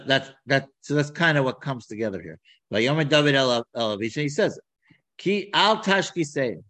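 A man teaching a scripture class, talking in an animated way with many repeats and restarts. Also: mid-range voice, rough recording. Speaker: Torah teacher.

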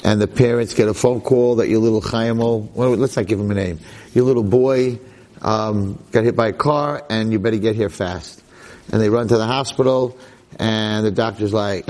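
Animated man telling a story. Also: lowish voice, normal speed. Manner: animated, acting out the characters' voices; peppers his speech with Yiddish and Hebrew words. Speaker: lecturer. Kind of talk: storytelling talk.

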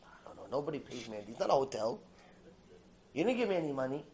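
Male lecturer playing a composed woman, soft and cool. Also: medium pitch, big pitch swings, fast, pitched below the performer's own voice. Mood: denying. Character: calm, sly rabbi's wife, middle-aged woman.

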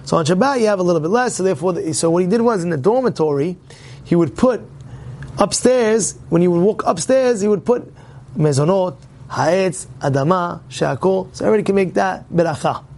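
A man's voice: high-pitched, fairly quick, creaky, a little mellow. A man teaching a religious class to his congregation, emphatic, repeating himself and asking rhetorical questions.

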